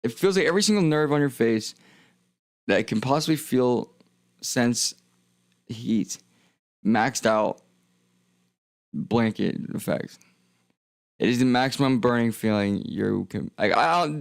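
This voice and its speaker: A man's voice: mid-range voice, animated, measured pace, creaky, long pauses, no echo. A young man streaming, rambling and joking in casual talk that trails off into mumbles.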